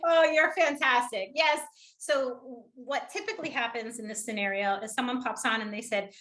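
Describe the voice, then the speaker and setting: A woman leading an online public speaking workshop, energetic and encouraging, often laughing. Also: on the high side, moderate pace. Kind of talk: upbeat online workshop coaching.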